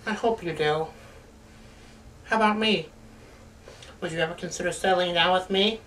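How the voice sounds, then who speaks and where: A man's voice: high-pitched, moderate pace, fairly bright tone. A man co-hosting a casual movie chat, joking and rambling. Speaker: co-host. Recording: distant mic with faint noise.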